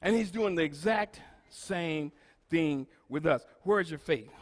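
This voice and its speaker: A man preaching a sermon to his congregation as pastor, swinging between shouted lines and quiet, low asides. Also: a little slow, in a large hall.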